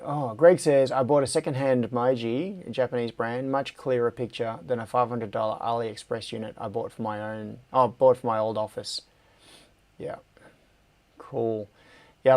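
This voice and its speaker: An Australian man hosts a relaxed livestream from his workshop, reading viewer comments aloud between his own musings. He speaks slowly at a middle pitch, often trailing off mid-sentence and laughing to himself. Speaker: livestream host.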